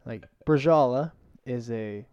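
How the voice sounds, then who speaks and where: Talkative young man with a smooth voice. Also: medium pitch, dry recording, muffled recording. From Mexico. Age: 20s. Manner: talkative, quick and animated. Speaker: chef guest. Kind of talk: casual podcast chat.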